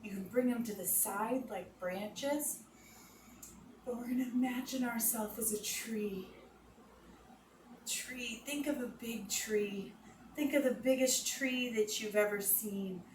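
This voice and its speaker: A woman leading children through guided relaxation and yoga moves, giving slow, soothing instructions and making playful animal noises. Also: a little high. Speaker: kids' yoga teacher. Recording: echoey room, voice from a distance, noisy background.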